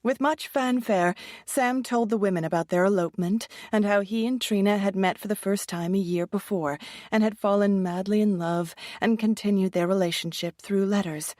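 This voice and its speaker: Woman narrating an audiobook, steady, mid voice, dry close mic. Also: mid-range voice, normal speed, no room sound. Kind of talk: scripted narration.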